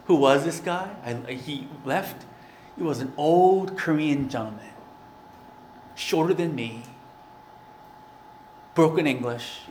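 A man's voice: a little high, slow pace, pauses often, a little mellow, slight background noise. Man preaching in an echoey room. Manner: earnest, conversational preaching with fillers. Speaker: pastor. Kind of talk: sermon.

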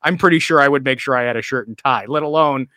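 A man riffs on his team in casual sports talk. His voice is bright and forceful, pitched a little high, and it sits very dry and close on the mic. He rambles, restarts and laughs through his stories. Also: fast, dry recording. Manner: rambling, self-interrupting, laughs while telling stories. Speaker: podcast co-host.

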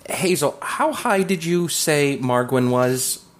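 A man's voice: on the low side, expressive, slow pace. A man playing a tabletop role-playing game, talking through tactics hesitantly and restarting his sentences. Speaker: player.

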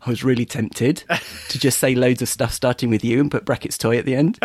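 A man's voice: mid-range voice, steady tone, fairly quick, darkish tone, dry recording. A man co-hosting a podcast, chatting casually while playing a word game, hesitant and giggly. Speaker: podcast co-host.

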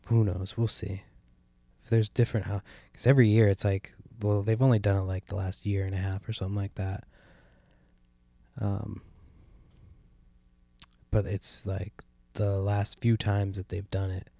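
This podcast host, a young adult man at home near a window, meanders and grumbles on his own show, swearing a lot with a sardonic bite. His low voice is creaky and mellow, and there's no echo.

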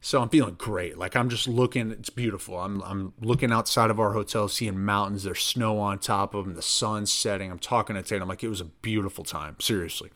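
A man hosting a podcast, telling a story in a rambling, animated way with lots of filler words. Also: lowish voice, brisk, hardly any pauses. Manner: rambling, animated, heavy use of "like". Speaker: podcast host. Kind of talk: casual storytelling chat.

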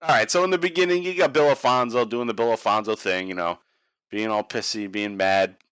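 A man's voice: on the low side, a little fast, fairly bright tone, smooth, dry recording. A man hosting a podcast in casual chat, laid-back and crude with jokes. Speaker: podcast host.

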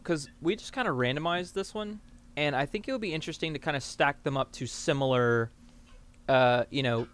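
A man's voice: a little high, brisk, fairly bright tone, clear, resonant tone. Rambling Southern man chatting. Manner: rambling, filler-heavy, laughs often. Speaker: podcast co-host. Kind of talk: casual chat.

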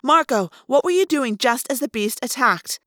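A woman reading an audiobook, voicing a sharp, thoughtful teenage girl who fires off quick, eager questions. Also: on the high side, no echo, studio quality, pitched above the performer's own voice. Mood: excited. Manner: quick questioning bursts, rising in excitement.

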